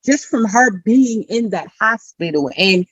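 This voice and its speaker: A woman's voice: a little high, expressive, measured pace, fairly bright tone, no echo, dull audio. A middle-aged woman giving an earnest personal testimony as an interview guest, retelling conversations with frequent asides.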